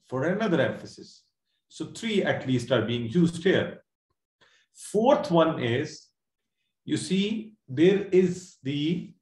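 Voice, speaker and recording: A man's voice: mid-range voice, darkish tone, reverberant. A man teaching an online class, explaining words step by step, repeating himself and quizzing his students. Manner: explains slowly with many repeats and quiz questions. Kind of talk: online Quran word lesson. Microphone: video call.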